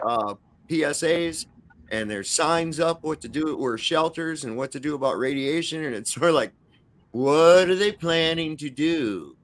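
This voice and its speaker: A man's voice: fairly high pitch, a bit bright. Male panel guest, crude and rambling, casual chat. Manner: crude, rambling, says "man" a lot. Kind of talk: casual live-stream chat.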